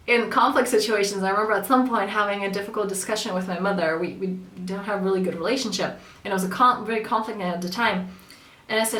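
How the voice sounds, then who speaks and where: A woman's voice: mid-range voice, steady tone, fast talker, a bit bright. A woman coaching in an earnest, conversational way, sometimes acting out the voices of people she quotes. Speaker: spiritual coach. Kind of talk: casual spoken coaching talk. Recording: echoey room, mic at a distance.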